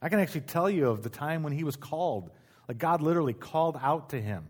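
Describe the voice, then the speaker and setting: A man's voice: a little high, animated, fast talker, husky. Man, middle-aged, pastor, sermon, conversational, repeats key phrases, frequent restarts, church auditorium.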